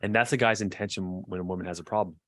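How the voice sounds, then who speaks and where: A man working as a marriage therapist, giving a lively coaching lesson in a chatty way and acting out quoted voices. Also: low voice, racing, dry recording. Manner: lively, acts out quoted voices, chuckles often; conversational, frequent fillers like "like" and "right".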